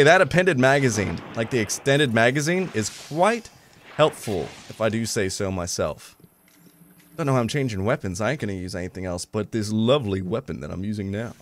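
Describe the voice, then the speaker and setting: A young man giving excitable, joking commentary over his own gameplay, making gun sound effects and yelling when surprised. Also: lowish voice, slight background noise. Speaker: gaming YouTuber.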